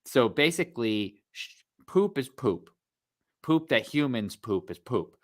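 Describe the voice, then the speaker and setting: A man's voice: medium pitch, a little slow. A man in his thirties, podcast co-host, telling a funny family story in casual chat and acting out the voices. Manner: animated storyteller, acts out quotes.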